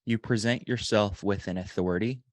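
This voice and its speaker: A man coaching a sales agent one on one, relaxed and rambling with frequent ums and restarts. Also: on the low side, normal speed, no echo.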